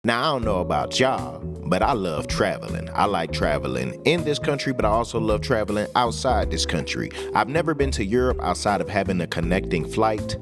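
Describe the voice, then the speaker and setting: Low-voiced man hosting a reaction video. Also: big pitch swings, fairly quick, few pauses. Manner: conversational, preachy asides, colloquial. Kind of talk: casual commentary. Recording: music bed under voice. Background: music.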